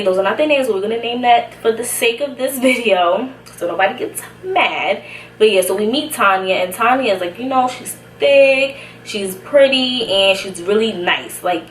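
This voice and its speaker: Chatty young woman in an echoey room. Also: medium pitch. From Brooklyn, New York. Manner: chatty, slangy, laughs often. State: out of breath. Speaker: vlogger. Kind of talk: casual storytime. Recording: echoey room, somewhat far from mic, faint hiss.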